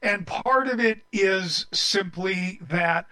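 A man speaking as a panel guest, deliberate and thoughtful with a wry edge. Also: sits high, sharp tone, poor audio. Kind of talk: panel discussion.

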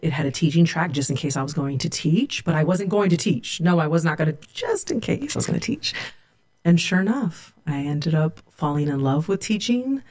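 Professor guest, woman; warm reflective storyteller. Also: low voice, animated, fairly quick. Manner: earnest, reflective storytelling with quoted dialogue. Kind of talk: storytelling interview.

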